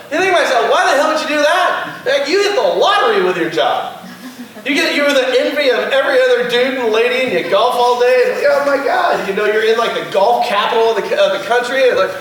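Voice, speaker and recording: Speaking with an extremely high pitch and a fairly bright tone, this guest speaker from California entertains a class with chatty stories. He acts out quotes and laughs frequently, captured at a distance in an echoey room with faint noise behind him.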